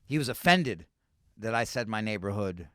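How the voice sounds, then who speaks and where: A man from New City, a comedian telling animated, profane stories as a podcast guest. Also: on the low side, moderate pace, dry recording, studio quality. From New York City. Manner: animated, profane, full of "like" and "right?". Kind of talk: casual storytelling on a podcast.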